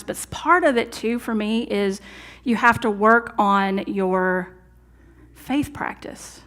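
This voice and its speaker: A woman minister preaches slowly in a medium-pitched voice within a church sanctuary. Her sermon is earnest and conversational, with occasional dips into soft asides.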